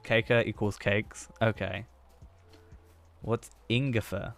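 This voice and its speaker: A man's voice: medium pitch, measured pace, fairly bright tone, soft background music. A man streaming a game, chatting casually and thinking aloud in a rambling, self-mocking way. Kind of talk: casual gameplay chat.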